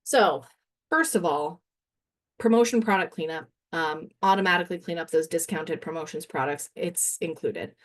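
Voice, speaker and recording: A woman trainer walking through a software demo in a webinar, chatty and self-deprecating, laughing now and then and a little winded. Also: low voice, normal speed.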